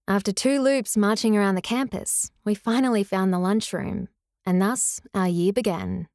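Woman, memoir narrator and ex-teacher, middle pitch, earnest and reflective, close and dry. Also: normal speed, gravelly, a little mellow, dry recording. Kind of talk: scripted first-person memoir narration.

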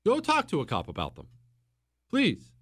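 A man's voice: high-pitched, huge pitch swings, normal speed, dry recording, clean studio sound. A man hosting a political talk show, lecturing emphatically and repeating himself for stress. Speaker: podcast host.

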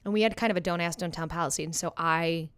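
A woman's voice: fairly low pitch, quick pace, a bit bright, clear, resonant tone, no echo. A woman co-hosting a casual chat, candid and blunt, telling stories with some swearing. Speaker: podcast co-host.

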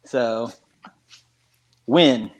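A man's voice: medium pitch, very slow, rough recording. A man telling a rambling, jokey story in casual podcast chat with friends. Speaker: podcast co-host.

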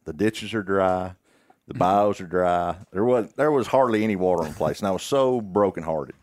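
Deep-voiced Arkansas man telling a story. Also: normal speed, a little mellow, dry recording, studio quality. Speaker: podcast guest. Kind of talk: casual storytelling.

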